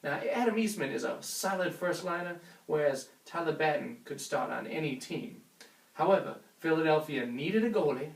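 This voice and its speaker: A man's voice: fairly high pitch, lively intonation, moderate pace, gravelly. Cocky man doing crude sports analysis. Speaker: sports show co-host. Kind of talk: mock sports analysis comedy. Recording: roomy sound from a distance.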